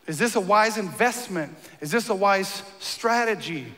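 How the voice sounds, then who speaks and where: A man with a high, forceful, bright voice preaches in a church, and long reverb rings behind him. He moves between easy, joking conversation and emphatic, punchy lines. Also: animated, moderate pace, few pauses. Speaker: pastor. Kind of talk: sermon.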